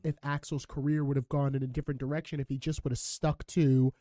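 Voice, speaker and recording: A man's voice: medium pitch, little pitch movement, fast, warm tone, no room sound, clean studio sound. A man hosting a casual interview, chatty, upbeat and affirming toward his guest. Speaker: podcast host.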